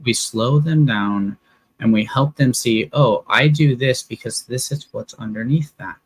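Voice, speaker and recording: A man's voice: mid-range voice, measured pace, breathy edge, low-quality recording. A man co-hosting a live relationship Q&A, earnestly explaining ideas and prompting his co-host. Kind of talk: live Q&A discussion.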